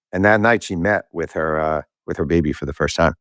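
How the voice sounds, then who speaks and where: Low-voiced man telling a story. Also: a little fast, dry recording, studio quality. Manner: animated storyteller who acts out quoted voices. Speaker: author and podcast guest. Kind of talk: casual interview storytelling.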